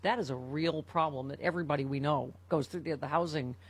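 A talk radio host, a woman with a breathy, airy voice. She chats casually and animatedly with her guest. She laughs often and stumbles into restarts mid-sentence. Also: low voice, brisk.

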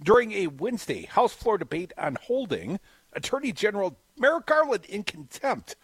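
A man's voice: high-pitched, big pitch swings, normal speed, breathy edge, dry recording, poor audio. A man co-hosting a political talk show, reading the news with blunt, salty asides. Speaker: co-host.

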